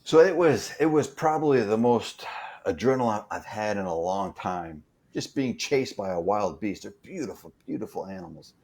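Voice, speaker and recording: A man, a stunt performer appearing as a guest, tells a story in a casual way, often pausing and repeating words as he goes. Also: on the low side, lively intonation, darkish tone. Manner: halting, repeats words while recounting. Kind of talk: casual anecdote telling.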